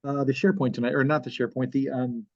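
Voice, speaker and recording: A man's voice: medium pitch, fairly even intonation, fast, dry recording, lo-fi sound. A man hosting a casual podcast, rambling and self-deprecating, laughing often. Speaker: podcast host. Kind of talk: casual chat.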